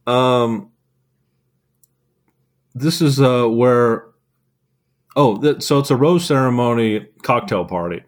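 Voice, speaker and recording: A man co-hosting a podcast who recaps events in a relaxed, easygoing way with plenty of fillers. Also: mid-range voice, slow pace, pauses often. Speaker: podcast co-host. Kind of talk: casual chat.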